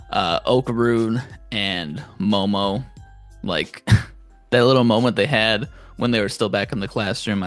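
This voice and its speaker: A man's voice: mid-range voice, no room sound. Chatty man recapping anime, dry mic. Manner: chatty, laughing, full of fillers. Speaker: podcast host. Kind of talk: casual anime podcast recap.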